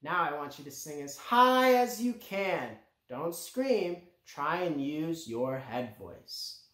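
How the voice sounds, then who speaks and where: Slow, lively man teaching kids music. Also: fairly high pitch, reverberant. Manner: slow, clear and encouraging, speaking directly to children. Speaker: music teacher for young children. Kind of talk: children's music lesson.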